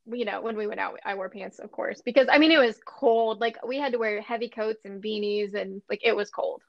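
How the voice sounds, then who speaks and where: A woman's voice: mid-range voice, fairly quick, vocal fry, no room sound. Giggly woman from Nebraska, dull lo-fi sound. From Western Nebraska. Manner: giggly, animated storytelling. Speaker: podcast co-host. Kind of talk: casual chat.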